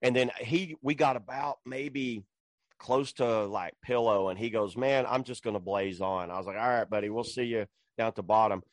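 A man's voice: mid-range voice, steady tone, moderate pace, dry recording. A man hosting a casual chat, telling stories in a loose, colloquial way, swearing and laughing often. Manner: colloquial storyteller.

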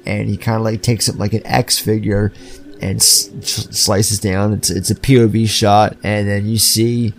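Brief: podcast co-host, gravelly voice, blunt and animated, swears freely. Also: male voice, on the low side, normal speed, slight background noise. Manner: animated, profane, acts out scenes. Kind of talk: casual film review chat.

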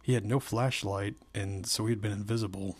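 A man narrating a novel aloud in a steady, measured way. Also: fairly low pitch, husky.

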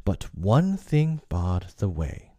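Male audiobook narrator, measured storytelling, dry close sound, slow pace. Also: on the low side, very animated, dark tone, dry recording.

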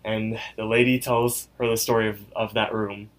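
A man's voice: on the low side, flat delivery, moderate pace, rough recording. A young man co-hosting a podcast, casually retelling a spooky story and an episode, rambling with lots of "like" fillers. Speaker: podcast co-host.

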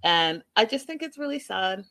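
A woman's voice: mid-range voice, very animated, moderate pace, bright, forceful tone. A woman chatting casually to her viewers as she recaps a show, often turning to them directly. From Canada.

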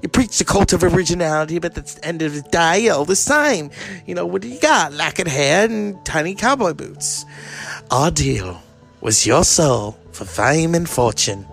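A man voicing a smug male devil who mocks his visitor in a sneering, drawn-out way. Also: a little high, lively intonation, vocal fry, a bit bright, faint music behind, pitched above the performer's own voice. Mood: mocking.

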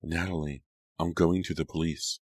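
A man's voice: extremely low pitch, fairly even intonation, normal speed, no echo. Man doing a tearful, murmuring teenage girl. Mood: distraught. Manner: soft, murmuring.

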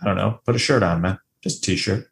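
Lowish-voiced guy co-hosting a movie podcast, jokey, acts out little quotes, loose casual chat. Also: fast talker, creaky, slight background noise. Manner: animated, joking, acts out quotes. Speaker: podcast co-host. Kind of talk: casual film review chat.

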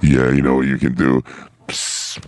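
A man's voice: extremely low pitch, steady tone, normal speed, vocal fry. A man talking as a podcast guest in casual banter, blunt and crude. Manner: blunt, crude, sings snatches.

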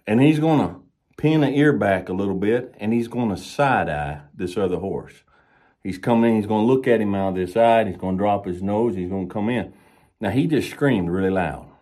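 Low, mellow-voiced man explaining horses. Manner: folksy, storytelling with slow emphasized pauses. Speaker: horse trainer and instructor. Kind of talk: relaxed explanatory talk.

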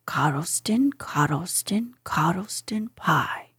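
A woman voicing a kindly, simple male teddy bear in a storybook, with gentle, soft, half-whispered singing. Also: lowish voice, sing-song, very slow, breathy edge, no echo, studio quality, pitched below the performer's own voice, full character voice.

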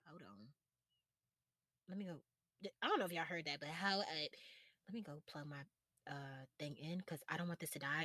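Young female podcast host, bright voice, dry close sound, chatty and playful, rambles and self-corrects. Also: mid-range voice, no room sound. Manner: chatty, playful, laughs and backtracks a lot. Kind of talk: casual chat.

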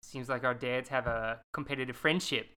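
A woman's voice: extremely low pitch, fairly even intonation, normal speed, sharp tone. A woman voicing a blunt, self-centred teenage Australian girl pop star in a put-on Australian accent, read aloud from a book.

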